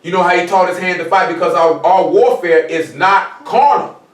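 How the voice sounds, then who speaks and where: A man's voice: sits high, moderate pace. A man teaching an informal sermon, conversational and repetitive, often asking his listeners if they follow him. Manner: conversational, repeats "you know what I'm saying". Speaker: preacher. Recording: echoey room from far off.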